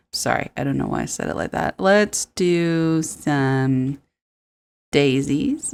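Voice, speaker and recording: A woman's voice: deep voice, slow pace, gravelly, smooth. A woman streamer chatting casually while playing a farming game, giggling and thinking aloud. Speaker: gaming streamer. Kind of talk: casual let's play commentary.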